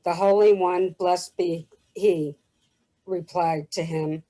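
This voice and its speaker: Slow, mellow-voiced woman reading aloud. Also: on the low side, fairly even intonation, poor audio. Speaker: class participant reading aloud.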